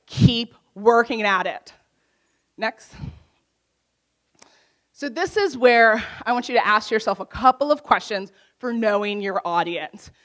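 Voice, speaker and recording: A loud young woman gives a motivational workshop talk from a conference stage. Her voice sits a bit high, and she laughs easily between points. She keeps turning to the crowd with questions. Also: measured pace, long pauses. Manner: lively, laughs often, asks the crowd questions; naturally loud. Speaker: conference speaker.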